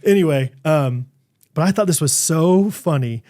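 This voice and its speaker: A young man co-hosts a podcast in relaxed, casual chat. His voice sits a little high for a man. He tells stories with energy, laughs a lot and acts out what people said. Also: normal speed. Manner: animated storytelling, laughs often, acts out quotes. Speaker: podcast co-host.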